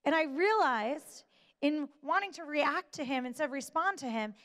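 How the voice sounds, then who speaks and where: A woman speaks in a high register, giving a motivational talk from a stage. Her delivery is deliberate and emphatic, with pauses that let key points land. A long reverb trails behind every phrase, as in a large hall. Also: lively intonation, a bit bright.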